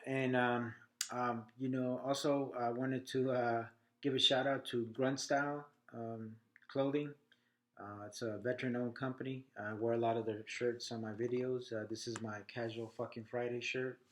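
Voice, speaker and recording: A halting man, short of breath. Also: medium pitch, level tone. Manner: halting, many fillers. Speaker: veteran video blogger. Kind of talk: casual talk to camera. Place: indoors.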